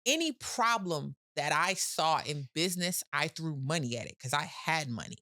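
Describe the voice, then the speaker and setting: A woman's voice: low-pitched, expressive, normal speed, pushed and bright, dry recording, studio quality. A woman guest on a podcast, a business owner talking candidly in casual conversation, often laughing and repeating words as she starts sentences.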